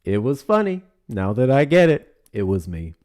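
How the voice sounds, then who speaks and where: A man's voice: medium pitch, very animated, moderate pace, a little mellow. A man hosting a casual livestream, talking with a teasing, sarcastic and profane manner. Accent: Texan. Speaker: livestream host.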